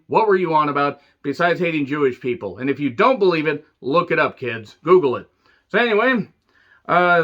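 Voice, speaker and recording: Sarcastic, foul-mouthed male reviewer in his 40s; bright, edgy tone, muffled lo-fi audio. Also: a little high. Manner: sarcastic, profane, rambling. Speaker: wrestling show reviewer. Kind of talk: casual commentary. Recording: dull lo-fi recording.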